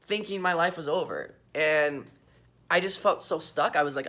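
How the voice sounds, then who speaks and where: A woman's voice: on the low side, lively intonation, moderate pace. A young woman talking candidly into her phone camera in a mostly empty room, rambling with restarts, swearing and nervous laughs. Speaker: vlogger. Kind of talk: candid personal confession.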